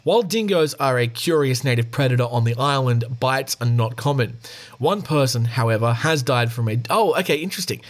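A man's voice: medium pitch, expressive, brisk. An Australian man hosting a podcast, reading news stories aloud in a casual way and adding chatty asides. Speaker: podcast host.

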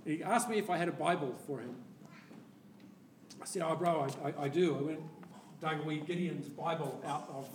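A man preaching a sermon, telling a story with lively laughter and acted-out quotes, heard from a distance in an echoey church hall. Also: a little high, moderate pace, slight background noise. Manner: animated storyteller, laughs often, acts out quoted voices.

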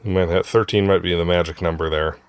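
A man's voice: low voice, fairly even intonation, fast, smooth, no echo. A middle-aged man hosting a casual family podcast with his kids, laughing often and joking loosely. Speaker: podcast host and father.

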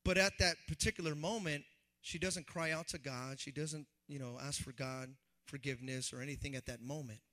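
A man who pastors a church gives an animated, chatty sermon, performing the voices of those he quotes, with a fairly high pitch.

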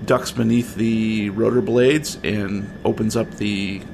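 Gravelly low-voiced game master. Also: male voice, slow pace, noisy background. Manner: relaxed, with fillers. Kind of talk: narrating a tabletop game.

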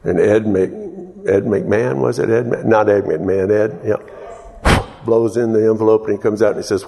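A pastor preaching a sermon in a folksy, storytelling way, chuckling and breaking into loud exclamations. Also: male voice, lowish voice, fairly even intonation, normal speed, gravelly. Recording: long hall reverb.

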